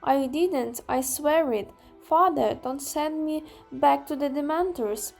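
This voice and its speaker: A woman's voice: sits high, slow pace, vocal fry, soft background music, heavily acted. A young woman reading the part of a desperate young man in chains, begging in rising, pleading cries.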